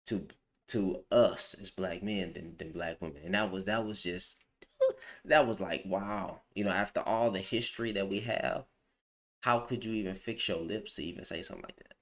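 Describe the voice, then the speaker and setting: A man's voice: deep voice, moderate pace. A man giving a heated, opinionated rant on a livestream, with slangy speech, who repeats phrases for emphasis. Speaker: livestream commentator.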